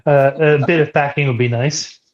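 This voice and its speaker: A man's voice: a little high, steady tone, normal speed, lo-fi sound. A man joining a livestream as a guest, talking in an easygoing way. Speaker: stream guest. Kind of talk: casual chat.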